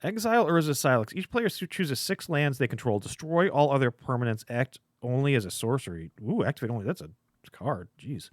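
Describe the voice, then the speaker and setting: Male shop host, mid pitch, rambling jokey chat, dry close sound. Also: animated, brisk, no echo. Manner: rambling, joking, many filler sounds. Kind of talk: casual live-stream chat opening cards. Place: comic shop.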